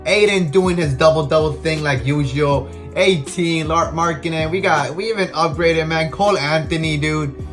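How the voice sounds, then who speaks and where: A man's voice: on the high side, normal speed, a bit bright, faint music behind. A young man giving casual gameplay commentary as a video game channel host, talking in a slangy way and venting his frustration. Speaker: gaming YouTuber.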